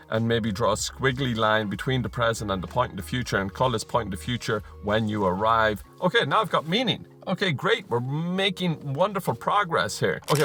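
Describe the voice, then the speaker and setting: Man teaching aloud over soft music. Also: mid-range voice. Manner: thinks aloud, models sentences slowly and repeats them. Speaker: CELTA trainer and channel host. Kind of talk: teaching video talking to camera.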